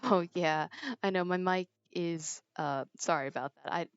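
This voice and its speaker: A smooth, lowish female voice at normal speed with no echo. The teenage streamer chats and rambles through a story while playing, giggling often, and her earbud headset mic yields a dry, dull, lo-fi recording.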